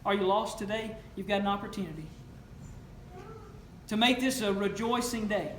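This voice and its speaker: A man's voice: sits high, moderate pace. A male preacher delivering a sermon in an earnest, questioning, storytelling manner. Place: church sanctuary. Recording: echoey church room, faint noise.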